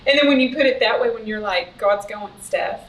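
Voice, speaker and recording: A woman's voice: on the high side, fast talker, fairly bright tone, distant mic. A woman who works as a church secretary, talking reflectively about parenting in casual chat. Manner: reflective, acts out quoted thoughts. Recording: echoey room with faint noise.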